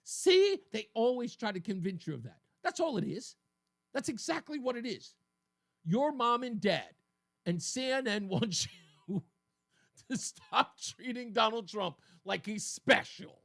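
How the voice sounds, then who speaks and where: Bright-voiced male radio talk host. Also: high-pitched, measured pace, creaky. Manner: animated, mocking, laughs often. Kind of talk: political talk radio monologue. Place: radio studio.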